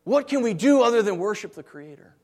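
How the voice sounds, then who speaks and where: A man delivers a lively sermon in a notably high voice. He swings between loud, excited points and near-whispers, acting out the voices of his listeners along the way. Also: fairly quick. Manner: acts out listeners' voices in asides. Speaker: pastor.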